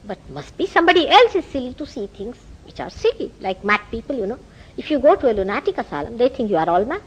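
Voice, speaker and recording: Indian lady spiritual teacher, high voice that swoops around a lot, tells stories and plays out the back-and-forth. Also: fast, slightly rough, low-quality recording. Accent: Indian English. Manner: animated storytelling, acts out quoted dialogue. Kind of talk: spiritual lecture.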